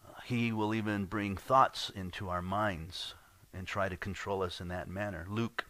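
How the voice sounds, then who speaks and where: A man's voice: low voice, fairly even intonation, a little slow, a bit bright, no room sound. A man preaching a sermon as pastor, earnest and conversational, often restarting his words.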